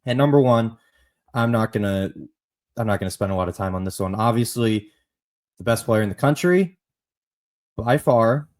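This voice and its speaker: Low-voiced man hosting a football podcast. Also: expressive, moderate pace, pauses often, a little mellow. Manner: conversational, repeats and restarts phrases, emphatic on praise. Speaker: podcast host. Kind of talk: solo college football podcast commentary.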